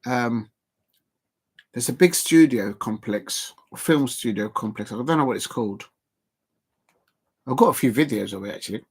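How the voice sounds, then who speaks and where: Guy doing live footy watch-along commentary on his stream, rambly, loads of uhs, gets hyped fast. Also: medium pitch, husky. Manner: rambling and excitable, full of fillers and repeats. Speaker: livestream football watch-along host.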